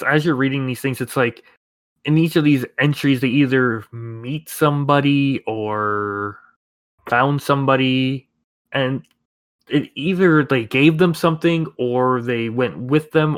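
A man running a tabletop game as game master, narrating scenes in a relaxed, filler-heavy way. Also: medium pitch, normal speed, no echo. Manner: relaxed storytelling with many fillers.

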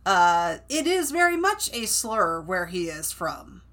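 A woman's voice: lowish voice, big pitch swings, takes it slowly, a bit bright. A woman from the United States co-hosting a casual book discussion podcast, chatty and full of "like" and restarts. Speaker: podcast co-host.

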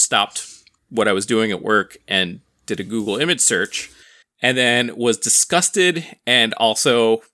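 A man's voice: on the low side, bright, forceful tone. A man co-hosting a podcast who tells stories in casual chat, rambling and amused. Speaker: podcast co-host.

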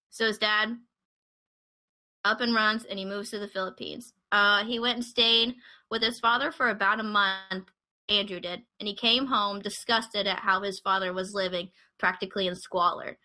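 A woman's voice: medium pitch, bright, forceful tone. A young woman hosting a podcast, telling a true-crime story in a casual, chatty way with wry asides. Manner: chatty, wry asides while recounting a case. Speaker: podcast host.

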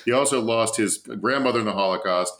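A man's voice: fairly low pitch, brisk, a bit bright. A man co-hosting a casual podcast, telling stories in a sardonic, profane way and laughing as he talks. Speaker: podcast co-host. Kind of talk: casual political chat.

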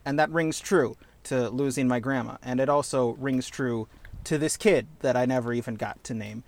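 A man co-hosting a podcast in casual chat, animated and profane, slipping into goofy character bits. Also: mid-range voice, normal speed, creaky, no room sound. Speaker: podcast co-host.

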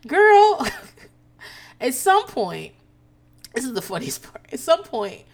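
A woman recaps a reality show in a loose, casual way, her voice a bit high and swinging widely up and down. She curses freely and keeps breaking into laughter between her sentences. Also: slow pace, creaky. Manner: animated, profane, laughs often. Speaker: TV recap host.

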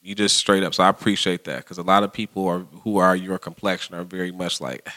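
A man's voice: low-pitched, little pitch movement, fast talker, sharp tone. A man co-hosting a casual podcast chat, teasing his friends and putting questions to the guest. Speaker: podcast co-host.

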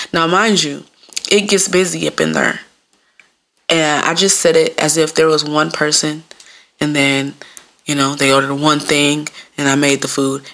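Profane gravelly-voiced woman podcaster. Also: a bit bright. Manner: profane, loose storytelling; acts out voices with big pitch jumps. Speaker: podcast host. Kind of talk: casual solo podcast monologue.

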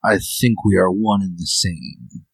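A man voicing an ancient, frail old man who speaks slowly and cryptically in a croaky voice. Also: sits low, no echo, exaggerated voice, poor audio. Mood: cryptic. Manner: slow, cryptic replies.

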